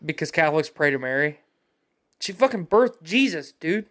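A man's voice: a little high, lively intonation, normal speed, fairly bright tone. A man in casual chat, blunt and profane and opinionated.

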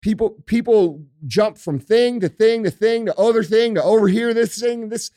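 High-voiced man ranting bluntly, profanely. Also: normal speed, mellow, dry recording, studio quality. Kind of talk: casual podcast chat.

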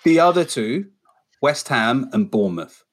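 A man's voice: mid-range voice, big pitch swings, a little slow. Man hosting a football podcast. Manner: runs the segments, reads out lists, quizzes the others. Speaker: podcast host. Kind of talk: casual podcast chat.

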